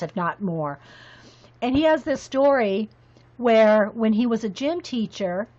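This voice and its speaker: A woman chatting casually on her craft vlog as she sorts her supplies, rambling and laughing, talking to her viewers by name. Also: mid-range voice. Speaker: craft vlogger. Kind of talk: casual chat while organizing. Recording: dull lo-fi sound.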